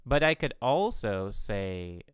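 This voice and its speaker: A man's voice: lowish voice, sing-song, slow, clean tone, no room sound, clean studio sound. A man, a music producer, explaining his vocal chain step by step in a casual tutorial, stopping now and then to correct himself. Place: home music studio.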